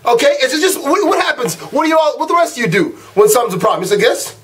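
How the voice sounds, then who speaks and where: A man's voice: extremely high pitch, lively intonation, rapid-fire. A young man ranting casually to camera, telling an exasperated story full of slang. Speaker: vlogger ranting.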